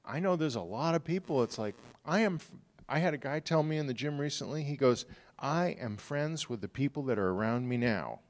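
A middle-aged pastor giving a sermon in a relaxed, conversational way, telling stories and acting out the people he quotes. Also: medium pitch, fairly quick.

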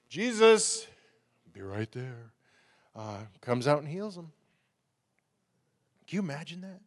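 A man preaches to his congregation, talking through the story in a loose, conversational way that turns animated. His voice sits fairly high for a man, and it rings out with the long reverb of a large church hall. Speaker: pastor. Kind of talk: sermon.

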